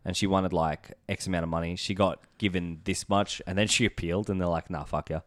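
A man's voice: sits low, fairly even intonation, brisk, fairly bright tone. An Australian man co-hosting a podcast in a studio, laid-back and laughing between remarks. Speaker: podcast co-host. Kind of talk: casual chat.

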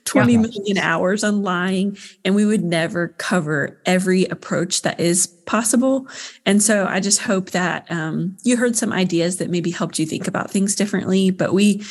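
A woman co-hosting a podcast, wrapping up in a measured way and repeating phrases for emphasis. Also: mid-range voice. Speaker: podcast co-host. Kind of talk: podcast wrap-up. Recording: long reverb in the room.

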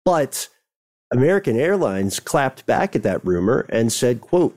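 A man hosting a talk show with a relaxed, mellow, dark-toned voice. He talks in a jokey, animated way full of quick asides. The feel is loose, comedic banter with a co-host. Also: mid-range voice. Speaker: podcast host.

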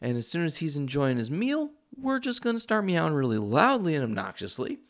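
Bratty scheming house cat, high and whiny, a man doing the voice, swearing as it demands food. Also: big pitch swings, fairly quick. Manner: whiny, smug, profane. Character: cocky scheming house cats, small and demanding.

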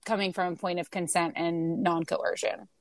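A woman's voice: fairly low pitch, level tone, moderate pace, no room sound, clean studio sound. A woman guest in a casual interview, explaining her parenting views thoughtfully with everyday examples. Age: adult parent.

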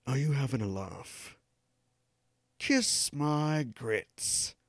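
A man's voice: mid-range voice, lively intonation, extremely slow, no room sound, clean studio sound. A man doing an impression of a smug British starship captain, speaking in a put-on British accent through clenched teeth. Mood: clipped, smug. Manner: teeth-clenched, clipped delivery.

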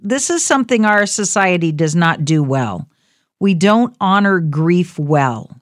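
A woman's voice: fairly low pitch, expressive, measured pace, no room sound. Consoling woman radio host, dry studio sound. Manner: warm, consoling, calls callers honey. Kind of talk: call-in radio chat.

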